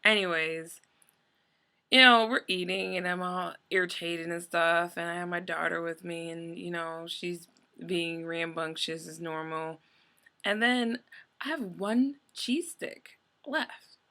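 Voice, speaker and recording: Gravelly-voiced woman ranting in a vlog. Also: on the low side, steady tone, a little slow, sharp tone. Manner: rambling, exasperated storytelling with many fillers. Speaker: vlogger.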